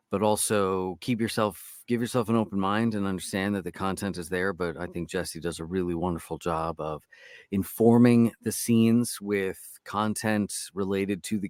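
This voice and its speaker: A man, an audiobook narrator, chatting as a guest in a casual interview with an expressive, storyteller delivery. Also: low voice, normal speed, smooth, dry recording, studio quality.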